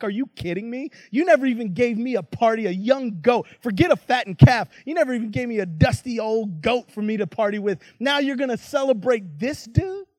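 Preacher doing an aggrieved older brother, higher voice, dry sound. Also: male voice, darkish tone, no echo. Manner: exasperated, complaining. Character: indignant, resentful young male older brother.

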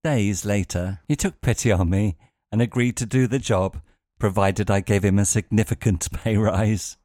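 A man's voice: on the low side, moderate pace, a little mellow, no echo, clean studio sound. A man telling wry stories in a monologue, now and then chuckling dryly. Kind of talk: anecdotal monologue.

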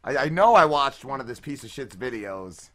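A man co-hosting a podcast in casual, crude banter, swearing often and getting excited. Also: medium pitch, normal speed, a crowd in the background. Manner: profane, excitable, swears a lot. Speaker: podcast co-host.

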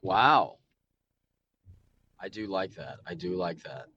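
A man co-hosting a podcast, talking excitedly about hockey and often restarting his sentences. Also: low voice, normal speed, slightly rough, no echo, lo-fi sound. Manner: excitable, repeats himself with restarts. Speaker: podcast co-host. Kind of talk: casual sports chat.

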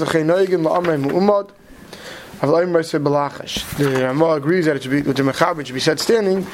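A man teaching a study class, talking quickly and checking in with "right?" as he explains. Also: fairly high pitch, slight background noise. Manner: quick, mixes Hebrew terms into English, many "right?" checks. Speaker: Torah teacher. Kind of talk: Talmudic study lecture.

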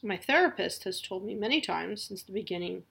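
A woman's voice: medium pitch, animated, a little fast, creaky, fairly bright tone, husky. A woman in her forties hosting a podcast, talking candidly in a rambling personal monologue full of restarts. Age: 40s. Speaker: podcast host.

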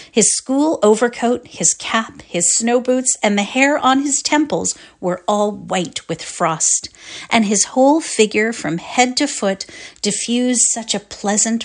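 A woman reading a classic short story aloud as narrator in a readers' theatre performance, telling it expressively. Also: medium pitch. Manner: expressive storytelling, lively voicing of quotes.

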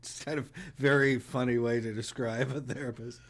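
A man's voice: mid-range voice, little pitch movement, normal speed, fairly bright tone. A man co-hosting a podcast who presents trivia in a hesitant way, with many ums and uhs. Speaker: podcast co-host. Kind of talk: casual chat.

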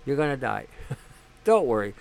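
A man's voice: mid-range voice, big pitch swings, unhurried, gravelly, a little mellow, a little hiss or hum, pitched below the performer's own voice. A man voicing a cold, mocking male hospital doctor with a sardonic, dismissive manner.

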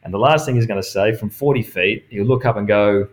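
A middle-aged man, a golf professional telling stories in casual chat, lively and often laughing as he acts out what others said. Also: fairly low pitch, a little fast. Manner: animated, acts out quoted dialogue, laughs often.

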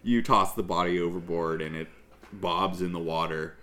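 A man narrating a tabletop game as game master, halting and full of fillers as he describes the scene. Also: deep voice, steady tone, pushed and bright.

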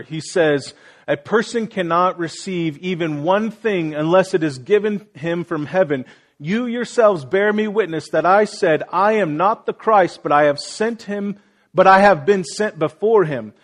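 A male pastor delivering a sermon in an earnest, searching way, acting out the voices he quotes and turning questions back on the congregation. His voice sits a little higher than most men's.

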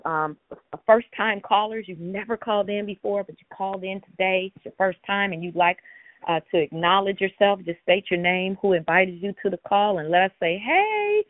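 A woman's voice: mid-range voice, fairly even intonation, brisk, dry recording. A woman hosts a call-in line in a chatty, playful way, laughing easily and slipping into song. Her voice sits in a middle register. It comes through a narrow, tinny phone line with no room sound at all. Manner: warm, playful, laughs often and breaks into song. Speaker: host of a call-in prayer line. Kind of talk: casual call-in hosting.

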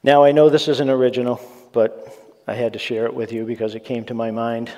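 A man preaching a sermon, earnest and conversational, slipping in asides to his listeners. His voice is mellow and dark, sitting at an ordinary pitch. The sound carries the long reverb of a large church sanctuary. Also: level tone, a little fast, lo-fi sound.

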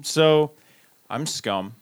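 A man's voice: a little high, expressive, drawn-out words, slight background noise. A man playing in a tabletop game, chatting casually with self-mocking jokes. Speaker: player.

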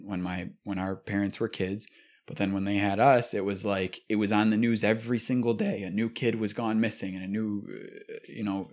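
A young man hosting a podcast, chatting casually and rambling with many fillers and curse words. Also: fairly low pitch. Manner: rambling, profane, frequent fillers. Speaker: podcast host. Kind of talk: casual chat.

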